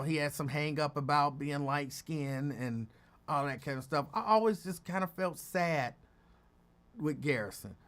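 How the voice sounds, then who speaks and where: A man's voice: sits high, fairly bright tone. A man hosting his own show, telling rambling stories in a casual chat and laughing often. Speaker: show host.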